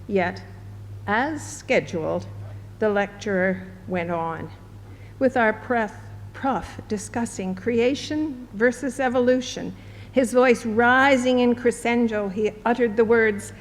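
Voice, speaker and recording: A woman in her seventies from Canada, giving a measured, reflective formal speech as a university chancellor in a large hall. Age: 70s. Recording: long hall reverb, faint rumble.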